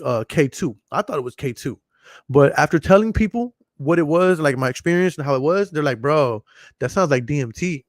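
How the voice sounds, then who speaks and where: Clean studio sound with no echo captures a man whose voice sits on the high side. As podcast host, he delivers a casual storytelling monologue that is long, rambling, profane and repetitive.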